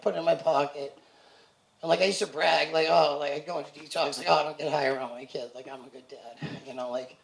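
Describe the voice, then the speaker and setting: A man in his thirties giving a personal recovery testimony at a community event, halting and full of "like" and "you know". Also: a little high, creaky, echoey room, rough recording. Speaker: speaker sharing a recovery story. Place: event hall.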